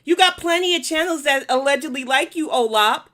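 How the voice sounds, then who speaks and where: A woman's voice: high voice, fairly quick, fairly bright tone. A woman with a New York accent hosting a live commentary stream, blunt, profane and confrontational as she answers her chat. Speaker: commentary livestream host.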